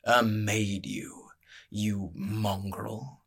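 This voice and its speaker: A man voicing a scheming, spindly crime boss who speaks softly, slowly and with quiet threat, in a storybook reading. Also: fairly low pitch, a little hiss or hum. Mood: cold menace. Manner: soft, slow, quietly threatening.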